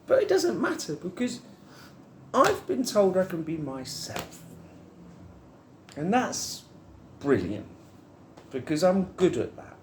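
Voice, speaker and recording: A man's voice: high voice, sing-song, slow, long pauses, echoey room, slight background noise. A man giving a rambling, heartfelt spiritual monologue to camera, musing on love and trust.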